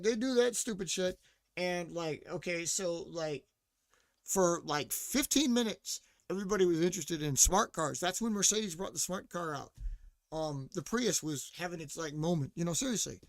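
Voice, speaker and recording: A man's voice: high-pitched, no room sound, clean studio sound. A man ranting casually as a podcast host, profane and mocking, full of fillers like "like" and asides to listeners. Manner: responds to chat or co-host mid-rant.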